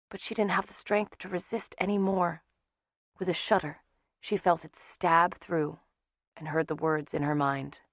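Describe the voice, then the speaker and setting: Low-voiced woman narrating an audiobook. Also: no room sound, clean studio sound. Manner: dramatic, shifts voice for each character. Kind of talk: scripted narration.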